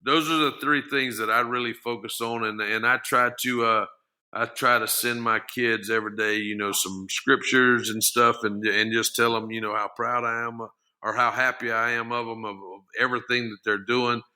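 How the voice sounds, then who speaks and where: A man's voice: mid-range voice, steady tone, normal speed, bright, forceful tone, clear, resonant tone. A middle-aged man, a former football lineman, talking earnestly as a podcast guest, often restarting and repeating his words. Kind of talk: casual interview talk.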